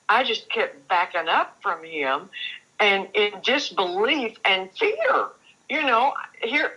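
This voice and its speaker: Bright-voiced older woman, earnest and halting. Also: medium pitch, poor audio. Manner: earnest, halting, with repeated restarts. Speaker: guest. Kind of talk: personal testimony in an interview.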